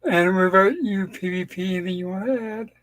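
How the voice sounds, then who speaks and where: A tired man hosting a casual livestream, his voice sitting high for a man. He talks in an easygoing, unhurried way. The sound is dry and close, with no room around it. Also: steady tone, fairly bright tone, dry recording, low-quality recording. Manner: easygoing, winding down. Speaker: livestream host. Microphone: home microphone.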